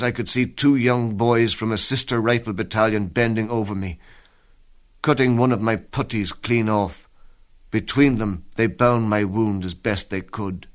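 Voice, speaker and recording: A man giving a dramatic first-person reading of a soldier's war memoir, grave and intense, sinking to a hush at the darkest moments. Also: lowish voice.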